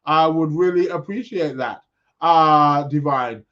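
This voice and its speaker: A man's voice: fairly high pitch, slow, a bit bright. A man hosting an astrology podcast in a casual live-stream style, rambling and correcting himself as he chats with his viewers. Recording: dull lo-fi sound.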